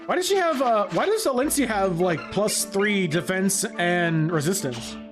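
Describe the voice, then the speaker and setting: A man streaming a video game, rambling and joking with chat in a loose, animated way. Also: sits high, normal speed, music in the background. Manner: animated, rambling, jokey, laughs often. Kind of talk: live gaming commentary.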